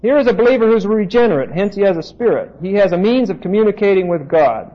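A preacher teaches a sermon from the Bible, insistent and emphatic, turning to his listeners with asides. His voice is high, animated, and fast. The recording is a dull, lo-fi tape.

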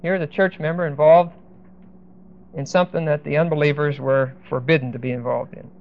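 A man teaching a verse-by-verse Bible lesson, speaking deliberately and with emphasis, stopping now and then to look up verses. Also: a little high, flat delivery, gravelly, a little hiss or hum. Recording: dull lo-fi recording.

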